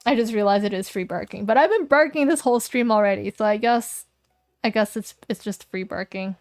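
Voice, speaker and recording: A woman's voice: mid-range voice, fairly quick, no echo, soft background music. A young woman streaming, reading a game aloud, playful and joking with chat on a close mic. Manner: playful and giggly, jokes with chat. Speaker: vtuber streamer.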